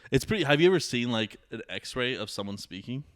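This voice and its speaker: A man's voice: medium pitch, expressive, fairly quick, no echo, studio quality. Joking, rambling man hosting a podcast. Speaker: podcast host. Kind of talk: casual chat.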